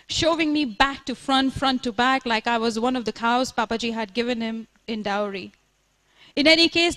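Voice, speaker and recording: A woman's voice: high-pitched, a bit bright. A woman reading aloud, voicing a fretful, chatty middle-aged mother who rambles defensively and drops Hindi words. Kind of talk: reading aloud from her book.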